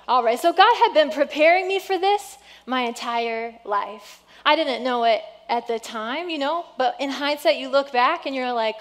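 A woman pastor preaching a sermon in a church, earnest and exhorting, often dropping to a soft hush. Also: high-pitched, moderate pace, few pauses. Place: church sanctuary.

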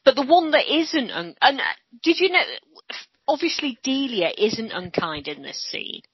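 A woman's voice: sits high, very animated, normal speed, slightly rough, no echo. A woman co-hosting a podcast, giving her thoughtful, hedged opinions on a TV episode. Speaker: podcast co-host. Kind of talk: casual chat discussing a TV episode. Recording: dull lo-fi dry recording.

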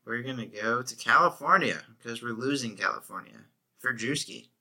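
A man's voice: medium pitch, normal speed, bright, forceful tone. A man co-hosting a casual album review podcast, laid-back and filling his talk with "like". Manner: laid-back, heavy use of "like". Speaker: podcast co-host.

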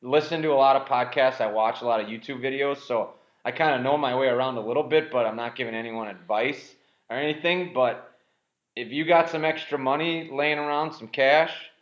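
A man's voice: mid-range voice, fairly quick. A man co-hosting a casual podcast, talking bluntly about sports and news and swearing often. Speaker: podcast co-host. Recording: roomy, slightly dull lo-fi audio.

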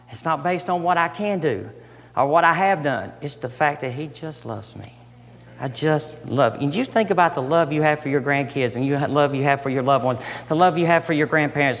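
A man's voice: fairly high pitch, gravelly. Impassioned preacher man in a reverberant hall. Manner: impassioned, rising and falling between loud emphasis and soft near-whispers. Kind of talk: sermon.

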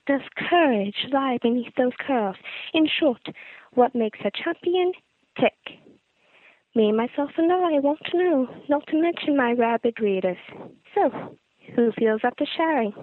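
A woman voicing a prying, gossipy female tabloid reporter with a theatrical, purring, drawn-out delivery. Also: sits high, animated, no echo. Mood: sly. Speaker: listener sending an impression. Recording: tinny phone-line recording.

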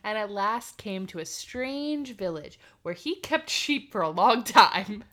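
A woman's voice: mid-range voice, expressive, measured pace, fairly bright tone. A woman co-hosting a podcast who reads a fairy tale aloud and breaks off for dry, joking asides. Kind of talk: casual reading with banter.

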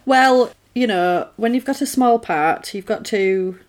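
A woman's voice: fairly high pitch, measured pace. A woman recapping a TV episode in casual chat, laughing often and acting out the characters' lines.

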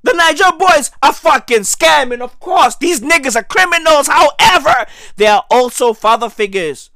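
A man delivering a profane comedic rant to camera, slangy and repetitive, with sudden loud outbursts. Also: very high voice, animated, moderate pace, no echo, studio quality. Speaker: comedic ranter.

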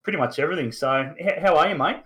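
Quick-paced, with a fairly high and bright voice, a Newcastle-born Australian in his thirties runs a casual sports podcast. His talk wanders, heavy on fillers, now and then spiced with a mild swear.

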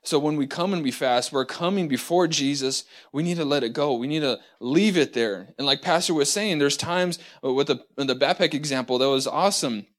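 A man teaching a church lesson from notes, talking haltingly with many fillers and restarts, and reading scripture slowly and deliberately. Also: a little high.

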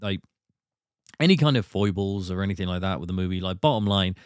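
A British man hosts a relaxed film chat with a lowish voice, recapping scenes and breaking into quick impressions of the characters. His voice is close and dry, with no room around it. He rushes through his recaps and swoops up high whenever something amuses him. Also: clear, resonant tone, dry recording. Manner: animated retelling, slipping into quick impressions. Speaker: podcast host. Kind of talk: casual film discussion.

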